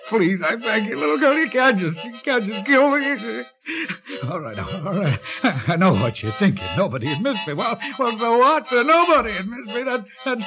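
A man's voice: sits high, expressive, moderate pace. An actor playing a lonely, frightened old male shopkeeper, stammering and pleading in an old radio drama. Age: older. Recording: dull lo-fi recording with music behind.

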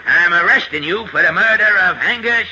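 A man's voice: high-pitched, moderate pace, bright, forceful tone, husky, highs cut off, full character voice. A man voicing a boastful, bumbling police inspector who talks tough and slangy, in 1940s radio comedy style on a noisy old recording. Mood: blustering.

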